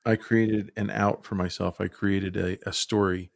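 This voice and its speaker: A man's voice: low voice, little pitch movement, a little slow, creaky, no room sound, clean studio sound. A man hosting an art podcast, reflective and drawing lessons out for students. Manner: reflective, draws takeaways for students. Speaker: podcast host. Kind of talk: casual podcast discussion.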